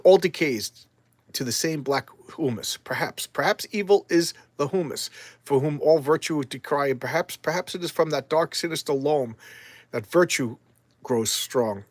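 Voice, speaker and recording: A man's voice: medium pitch, moderate pace, no echo, lightly acted. A man voicing a sorrowful male swamp plant creature, reading in a subdued, grave way.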